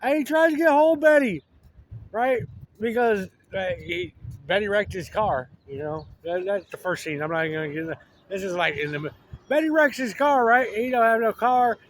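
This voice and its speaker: A man's voice: high-pitched, expressive, brisk, a bit bright. A man rambling through a casual monologue, slangy, with lots of restarts. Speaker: vlogger.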